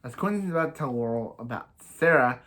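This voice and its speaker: A man's voice: mid-range voice, animated, a little fast, sharp tone. Rambling man recapping a TV episode. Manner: rambling, stumbling over restarts; bluntly opinionated. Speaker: TV episode reviewer.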